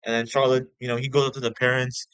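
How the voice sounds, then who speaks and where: A man's voice: medium pitch, level tone, fast, fairly bright tone, smooth, dry recording, low-quality recording. A man giving a casual spoken movie review, rambling and slangy, full of fillers like "bro".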